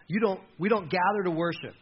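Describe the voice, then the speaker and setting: A man preaching a sermon as a pastor, lively and conversational, who drops his voice low and quiet when he speaks God's words. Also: a little fast, dull audio, slight background noise.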